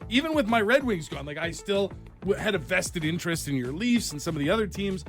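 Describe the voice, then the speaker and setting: A man co-hosting a comedy podcast, relaying facts in animated, casual chat and laughing often, recorded in a podcast studio. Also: sits high, fairly quick, soft background music. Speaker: podcast co-host.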